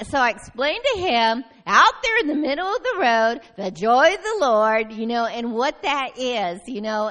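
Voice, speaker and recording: A woman giving an animated personal testimony at a church meeting, telling her story with frequent laughter. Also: fairly high pitch. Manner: lively storytelling, often breaks into laughter. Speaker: church member sharing a testimony.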